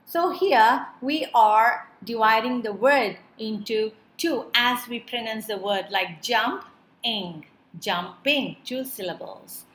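Slow, bright-voiced woman teacher. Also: on the high side, echoey room, slight background noise. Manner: slow, clear, drawn-out word-by-word pronunciation. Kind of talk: children's lesson narration.

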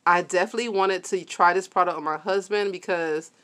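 A young woman, excitedly unboxing products at home and talking to her viewers. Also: fairly low pitch, a little fast. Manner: gushing and excitable, addresses viewers as y'all and you guys. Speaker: vlogger. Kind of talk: product haul vlog. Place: home, indoors.

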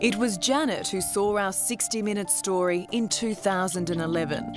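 Australian woman narrating over music. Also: medium pitch. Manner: measured, polished delivery. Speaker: reporter. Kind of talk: scripted TV narration.

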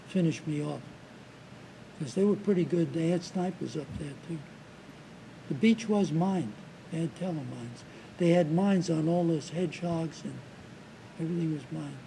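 Gravelly older man recounting war. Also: on the high side, warm tone, slight background noise, low-quality recording. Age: 70s. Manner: halting, restarts and repeated words. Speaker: war veteran being interviewed. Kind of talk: recounting war memories in an interview.

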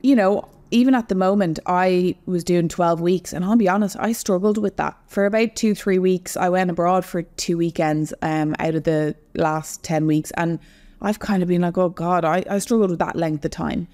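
A woman's voice: on the low side, normal speed, darkish tone. A young adult woman, an online fitness coach, explaining earnestly as a guest in a casual podcast conversation. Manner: earnest, explanatory, speaks to women listeners directly.

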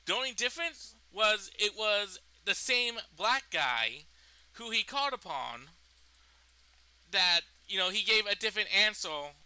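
A young man rambles through a personal story, swearing and restarting his sentences. His voice sits high and sounds very bright and sharp. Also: clear, resonant tone, poor audio. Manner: rambling, profane, full of fillers and restarts. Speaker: storytime vlogger. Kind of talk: casual storytime.

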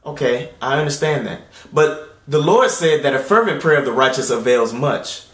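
A man in his late twenties giving an earnest personal faith testimony at home. He moves between hushed, tearful passages and loud, excited ones. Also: medium pitch, moderate pace, hardly any pauses, echoey room. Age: late 20s. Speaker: Christian video host. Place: indoor room at home.

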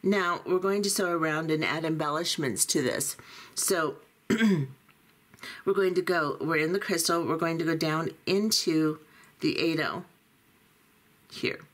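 A woman teaching a beading tutorial, calmly talking through each step as she works. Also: sits low, takes it slowly, pauses often. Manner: calm, methodical, talks through each step. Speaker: beading instructor.

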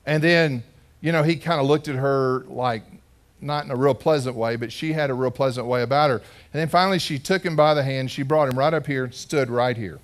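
A male pastor preaching in a church, voice sitting at an ordinary middle pitch. He tells his story in a relaxed, conversational way and keeps turning to the congregation with questions. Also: fairly quick. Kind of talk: storytelling sermon. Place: church sanctuary.

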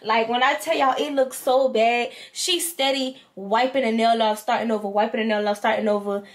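A woman's voice: on the high side, steady tone, normal speed. A woman vlogger, animatedly telling a storytime and acting out both sides. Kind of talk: storytime vlog.

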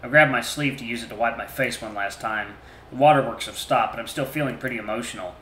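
A man's voice: mid-range voice, fast, pushed and bright, a little hiss or hum. A man reading a story game aloud in first person, earnest and emotional, now and then restarting a phrase. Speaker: game streamer. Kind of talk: reading a visual novel aloud. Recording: roomy echo.

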